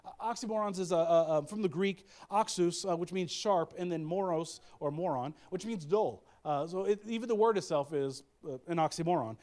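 A man from the American Midwest preaching a sermon, conversational and humorous, with lots of restarts and bursts of excitement. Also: high voice, moderate pace, few pauses. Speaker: pastor.

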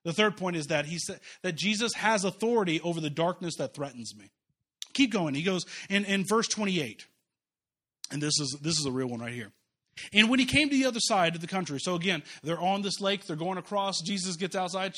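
High-voiced man preaching a sermon. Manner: animated, conversational preaching with quick asides and repeated restarts. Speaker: pastor. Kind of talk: sermon with scripture reading.

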